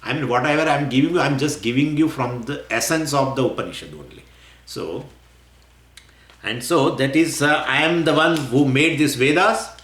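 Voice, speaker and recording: A man teaching scripture in a lecture. He talks in an animated way, acts out imagined questions and often chuckles. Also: medium pitch, normal speed. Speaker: spiritual teacher. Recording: roomy echo.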